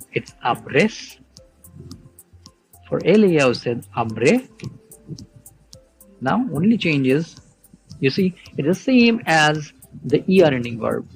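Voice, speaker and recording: A man teaching a Spanish verb lesson online, explaining slowly and patiently, with soft music behind. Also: medium pitch, husky, poor audio. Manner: slow, patient explaining with spelled-out letters.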